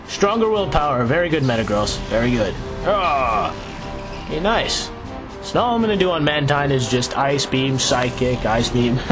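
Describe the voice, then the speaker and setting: Excitable man commenting on gameplay. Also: medium pitch. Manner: excitable, laughs often, chatty. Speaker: Let's Play host. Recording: game music playing underneath. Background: video game music.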